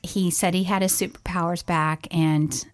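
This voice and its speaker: A woman's voice: fairly low pitch, flat delivery, normal speed, faint music behind. A middle-aged woman co-hosting a casual podcast, recounting events in an earnest, conversational way with frequent "like" fillers. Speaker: podcast co-host, parent.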